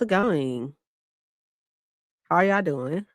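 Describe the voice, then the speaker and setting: A woman's voice: medium pitch, very animated, measured pace, a bit bright, no echo. Woman, casual stream chat, bubbly, dry close sound. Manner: chatty and bubbly, greets viewers by name, laughs often. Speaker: live-stream host.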